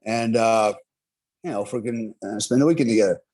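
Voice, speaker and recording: A middle-aged man telling a story in casual, profane talk, animated and laughing often. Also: on the low side, brisk.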